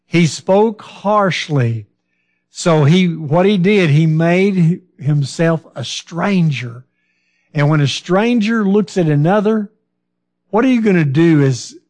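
A man preaching a Bible-study sermon, talking slowly and conversationally, asking his listeners questions and now and then losing his train of thought. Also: fairly high pitch, a little mellow. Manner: fillers and restarts, loses his train of thought.

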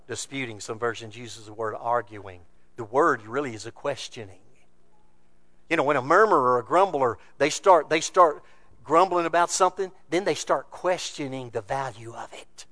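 A high-pitched man preaching a sermon. He swings from loud, emphatic bursts to low, hushed stretches, leaning hard on key words. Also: animated, moderate pace, no room sound.

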